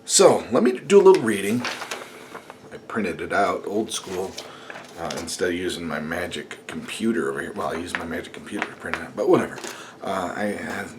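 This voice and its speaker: A man's voice: sits low, lively intonation, brisk, noisy background. A man vlogging casually at home at night, rambling, joking and swearing as he reads notes to the camera. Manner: rambling, sarcastic, swears and jokes.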